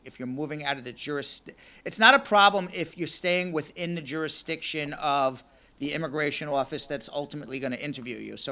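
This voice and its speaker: A hoarse man losing his voice, hosting a live call-in radio show and giving legal advice step by step in a fast, energetic way. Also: medium pitch. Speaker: immigration lawyer and radio show host.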